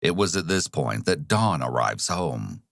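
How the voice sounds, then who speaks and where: Man, low voice, dry close sound, measured scripted true-crime narration. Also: sing-song, creaky, fairly bright tone, no echo.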